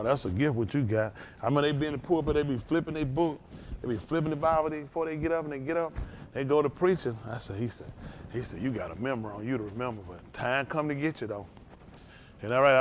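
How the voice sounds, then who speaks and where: An older man preaches in a loose, folksy way. He rambles from one story to the next, turning animated as he goes. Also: on the high side. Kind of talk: informal sermon.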